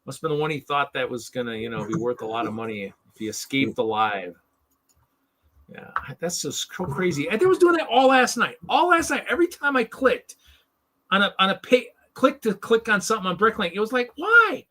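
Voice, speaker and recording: A man hosts a casual live stream and rants with exasperated sarcasm, often circling back over the same words. His voice sits a little high and sounds bright and forceful. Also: sing-song, a little fast. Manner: ranting, exasperated, sarcastic, repeats himself. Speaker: host of a live toy-hobby stream.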